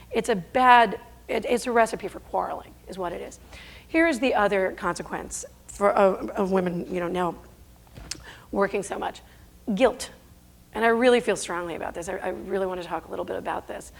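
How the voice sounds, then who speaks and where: Middle-aged woman speaker on stage, emphatic, rhetorical questions, mid-pitched voice, self-corrections. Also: normal speed, creaky. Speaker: speaker giving a stage talk. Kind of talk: conference talk. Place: stage before an audience.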